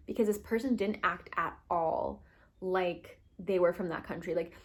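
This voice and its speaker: A woman's voice: lowish voice, moderate pace, husky. A young woman vlogging about books, ranting casually with lots of fillers and short wry laughs. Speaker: book vlogger. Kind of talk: casual opinion rant.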